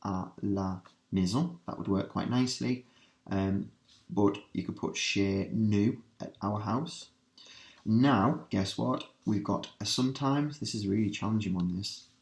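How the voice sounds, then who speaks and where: A man teaching a revision lesson, working through translations step by step and asking his students quick questions. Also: fairly low pitch, vocal fry. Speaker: language teacher. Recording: roomy echo.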